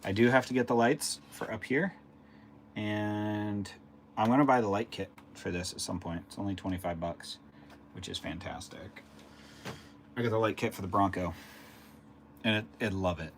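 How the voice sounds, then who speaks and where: A man's voice: lowish voice, normal speed, long pauses, background noise. A man casually chatting on a live stream. He rambles along and answers viewers' chat messages as they come in.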